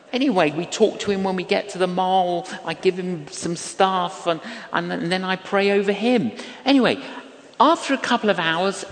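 A man's voice: high-pitched, fairly bright tone. An older man preaching a sermon, telling a story and acting out the quoted voices of the people in it. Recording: long hall reverb.

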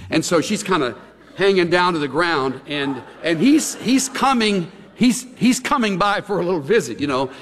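A middle-aged man preaching a chatty, conversational sermon with animated, folksy asides. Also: high-pitched, moderate pace. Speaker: pastor. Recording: long hall reverb.

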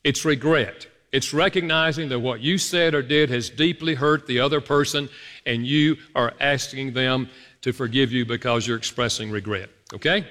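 A man preaching a sermon as a pastor, telling stories with animated, emphatic rises. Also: mid-range voice. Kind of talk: sermon on apology. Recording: long hall reverb.

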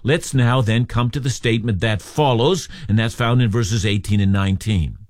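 A man's voice: on the low side, moderate pace, no echo, clean studio sound. A man preaching an expository sermon, emphatic and earnest as he explains a scripture passage. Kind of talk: sermon on a radio Bible program.

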